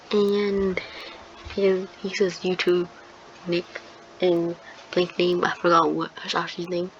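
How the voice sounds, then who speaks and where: A woman casually retelling a fan story in a rambling, hesitant way, full of fillers and restarts. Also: mid-range voice. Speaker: video creator. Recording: dull lo-fi sound with clear background noise.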